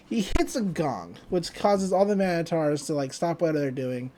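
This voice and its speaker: Animated woman recapping an episode. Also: low-pitched, unhurried, hardly any pauses. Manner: animated, laughing, acting out quoted lines. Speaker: podcast host.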